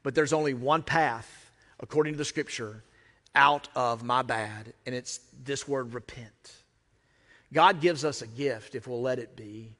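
A man's voice: mid-range voice, a little slow, a bit bright. A man with an American accent preaching a sermon as a pastor, talking conversationally with emphatic repetition. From United States. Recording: long reverb of a large hall.

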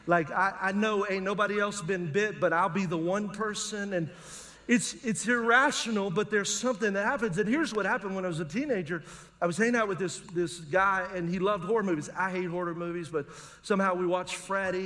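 A man's voice: high voice, a little fast, fairly bright tone. A middle-aged male pastor, preaching a sermon in a conversational, humorous storytelling manner. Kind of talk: sermon with personal stories.

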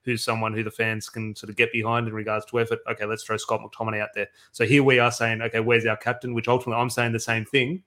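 Male co-host, flat even delivery, rambling thinking-aloud fan talk. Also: lowish voice, fast, hardly any pauses. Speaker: podcast co-host. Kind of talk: casual football fan podcast chat.

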